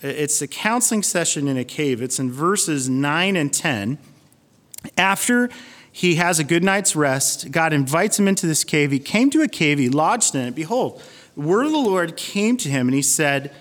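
A man's voice: on the high side, expressive, moderate pace, fairly bright tone, big-room sound. A man preaching a sermon in an earnest, conversational way. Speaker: pastor.

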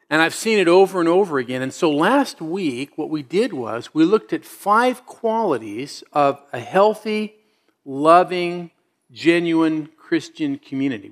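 A middle-aged man delivers a sermon in a relaxed, storytelling manner. His voice sits slightly high for a man. He moves from easy anecdotes into earnest, rising appeals to his congregation. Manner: conversational storytelling with emphatic rising exhortations. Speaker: pastor.

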